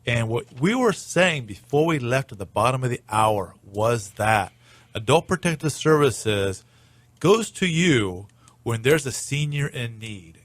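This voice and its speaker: A man's voice: mid-range voice, dry recording. A man hosting a radio talk show, chatty and playful, with joking asides to his listeners.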